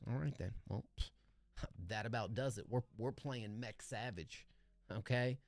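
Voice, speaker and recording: A man's voice: mid-range voice, measured pace, no room sound. Hyped casual man reviewing beats live. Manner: enthusiastic, slangy, many fillers and restarts. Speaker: livestream music review host. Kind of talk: casual live-stream commentary.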